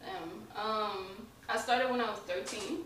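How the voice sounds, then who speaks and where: A woman's voice: medium pitch, measured pace, fairly bright tone, recorded from a distance. A young woman, an artist guest on a podcast, chatting casually, laughing often and restarting her sentences. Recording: echoey room, voice from off-mic, faint noise.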